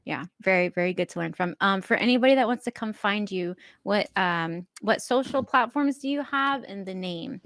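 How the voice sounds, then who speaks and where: A woman's voice: medium pitch, normal speed, hardly any pauses, fairly bright tone, no echo, clean studio sound. A woman hosting a podcast in a shy, giggly, earnest casual chat over a video call. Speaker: podcast host.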